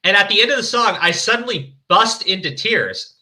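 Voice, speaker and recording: A man's voice: high voice, animated, normal speed, bright, forceful tone. A man hosting a stream, reading fan fiction aloud with mocking, profane commentary. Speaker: stream host.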